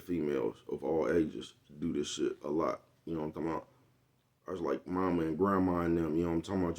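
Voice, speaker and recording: A man's voice: low-pitched, darkish tone. A man talking straight to his viewers in a casual, rambling, profane monologue, often asking whether they follow him. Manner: rambling, profane, keeps asking "you know what I'm talking about". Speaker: vlogger.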